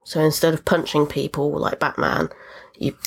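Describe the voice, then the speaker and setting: A woman with a notably low voice talks through her recent games in a loose, rambling podcast chat. She wanders through asides and fillers. She sounds like a regular host settled into easy conversation. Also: very animated, moderate pace, gravelly. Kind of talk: casual chat about video games.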